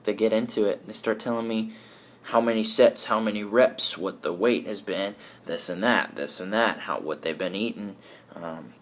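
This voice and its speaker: A young man with a fairly low voice talks to camera as a fitness trainer. He is upbeat and chatty, stumbling through restarts and filler words as he explains things casually. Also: steady tone, normal speed. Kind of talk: casual talking-to-camera vlog.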